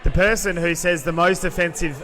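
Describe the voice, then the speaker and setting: A young Australian man co-hosting a podcast, loud and rambling, with lots of fillers and restarts. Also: high voice, fairly even intonation, a little fast, music in the background. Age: young adult. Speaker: podcast co-host. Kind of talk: casual chat.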